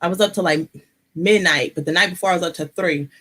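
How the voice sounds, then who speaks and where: A woman from the United States chatting casually as a co-host, giggly and animated, squealing when excited. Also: on the low side, quick pace, a loud crowd. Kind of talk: casual chat.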